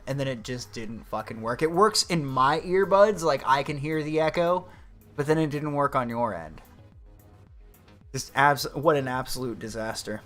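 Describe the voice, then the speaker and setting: A man's voice: medium pitch, moderate pace, a bit bright, soft background music. A man hosting a casual livestream, ranting sarcastically and swearing often. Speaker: livestream host.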